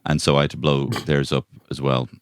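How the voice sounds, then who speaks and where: A man's voice: a bass voice, level tone, a little fast, clear, resonant tone, no echo, clean studio sound. An Irish man, co-host of a comedy podcast, rambling through a story and acting out the people in it. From Ireland. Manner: rambling storyteller, acts out voices. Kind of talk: casual comedic chat. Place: bedroom.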